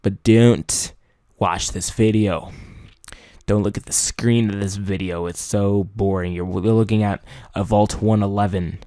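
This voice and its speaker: A young man giving casual video-making tips, rambling and correcting himself, sometimes mumbling and then jumping into loud high-pitched bursts. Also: fairly even intonation, measured pace, no room sound, studio quality. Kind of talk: casual unscripted chat.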